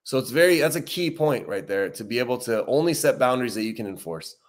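A man hosting a recovery livestream in a relaxed, conversational way. He often repeats his key points for emphasis and slows down on important lines. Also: medium pitch. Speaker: recovery talk host. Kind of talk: casual livestream talk.

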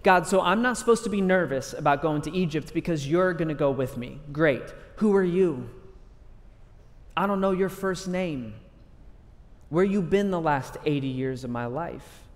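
A man's voice: fairly high pitch, lively intonation, normal speed, big-room sound, close to an everyday voice. A man voicing an anxious, doubting biblical prophet who pleads and protests in casual modern speech. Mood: skeptical.

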